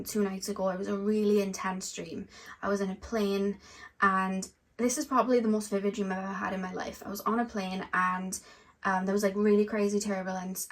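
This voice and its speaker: A woman giving a casual, rambling tarot card reading to her viewers. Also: medium pitch. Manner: rambling and animated, filler-heavy. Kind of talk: casual spiritual reading to camera.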